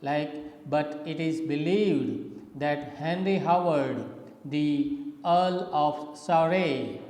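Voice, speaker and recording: A man gives a literature lesson at a slow, deliberate pace, repeating key points and pausing to check in with "okay". His voice sits a little high, and the room adds a long, echoing tail around every phrase. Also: a little mellow. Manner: patient, repetitive explaining with frequent "okay". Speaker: literature teacher. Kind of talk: slide lecture.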